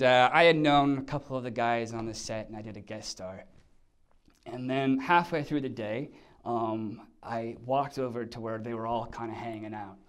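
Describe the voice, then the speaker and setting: A man talks through stories from his acting work, throwing himself into each retelling. His voice sits in an ordinary middle pitch, neither deep nor high. He tosses in little sound effects and voices the people he describes. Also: clean tone. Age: under 50. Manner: animated, acts out quotes with sound effects. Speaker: actor, interview guest. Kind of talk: casual storytelling in an interview.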